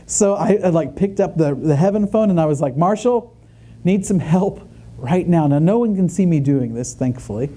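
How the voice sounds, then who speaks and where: Dark-voiced man telling a lively story. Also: fairly high pitch. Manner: animated, chatty, many fillers and asides. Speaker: conference speaker. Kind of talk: humorous storytelling talk. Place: conference stage before an audience.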